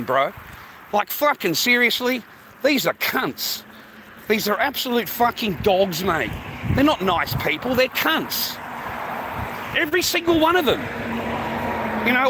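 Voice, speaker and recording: A swearing Australian man in his fifties, ranting in a fairly high voice on a phone livestream. Street traffic and outdoor noise are loud behind him. He is blunt and repetitive and keeps calling the listener mate. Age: 50s.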